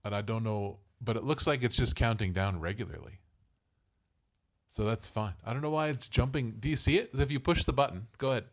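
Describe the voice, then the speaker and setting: A man's voice: mid-range voice, brisk. A middle-aged father co-hosting a casual family podcast, rambling and self-deprecating as he explains things.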